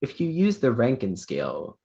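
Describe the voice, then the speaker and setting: A man's voice: medium pitch, huge pitch swings, vocal fry, dark tone. Patient man reading out spelling words. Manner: measured, patient, with small fillers. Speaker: spelling bee pronouncer. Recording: dull lo-fi online audio.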